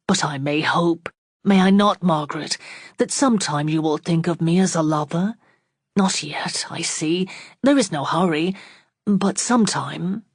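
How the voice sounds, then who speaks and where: A woman reading the part of a proud young gentleman suitor in an audiobook, in measured, formal speech. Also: on the low side, slightly rough, dry recording, clean studio sound. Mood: hopeful.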